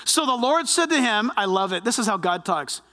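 A man preaching a sermon, animated, often acting out the voices of those he quotes. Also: high voice, fairly quick, in a large hall. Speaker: pastor.

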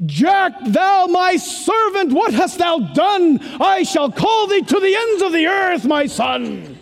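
Preacher doing a solemn archaic divine male voice, very high-set, lofty drawn-out delivery. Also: big pitch swings, gravelly, long reverb tail, heavily acted.

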